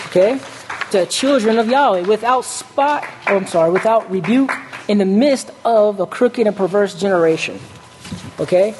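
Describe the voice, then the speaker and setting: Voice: medium pitch, a little mellow, a little hiss or hum. Preacher who keeps asking "okay?". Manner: stops often to ask "okay?", corrects slips aloud. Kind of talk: sermon.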